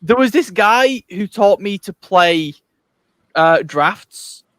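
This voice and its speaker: A man co-hosting a casual podcast chat, speaking in a halting, rambling way with many restarts. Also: sits high, lively intonation, fairly bright tone, no echo. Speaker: co-host.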